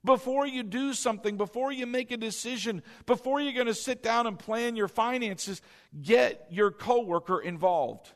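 A man preaches a sermon as pastor in a church sanctuary, exhorting the congregation, repeating key lines, and putting questions to them. His voice is very high and moves at a normal speed, and the recording carries a long hall reverb.

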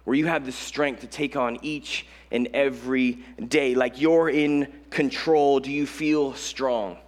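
A young man from Colorado, a high school pastor, preaching a casual sermon full of self-mocking stories, voice rising sharply when he acts out his own panic. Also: steady tone, unhurried. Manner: conversational storytelling with self-mocking humor.

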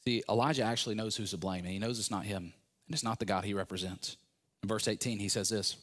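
A man giving a sermon, retelling a Bible story in a relaxed, conversational way with playful asides. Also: medium pitch, fast. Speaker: pastor.

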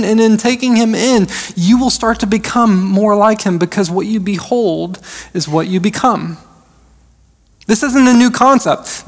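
A man in his thirties, an associate pastor, delivering a conversational sermon with frequent fillers. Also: high-pitched. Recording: long hall reverb.

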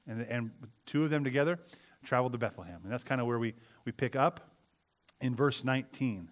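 A man's voice: mid-range voice, brisk. A man preaching a sermon in a conversational way, often repeating words and asking his listeners questions.

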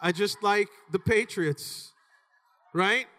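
A man in his thirties preaching a sermon with animated, emphatic delivery. He calls out to the congregation and sometimes breaks into shouts. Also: high voice, slow pace.

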